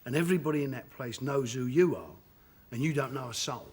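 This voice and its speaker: A man with a Cockney accent, a talk show guest telling animated stories and laughing often in a television studio. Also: mid-range voice, fairly quick, husky. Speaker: guest actor.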